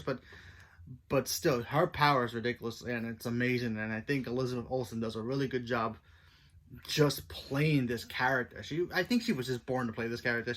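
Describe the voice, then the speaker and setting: A man's voice: mid-range voice, a bit bright. Rambling man reviewing a TV episode. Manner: rambling, loose, lots of "you know" and "like"; thinking aloud, self-correcting. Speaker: TV show reviewer. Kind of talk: casual spoiler review.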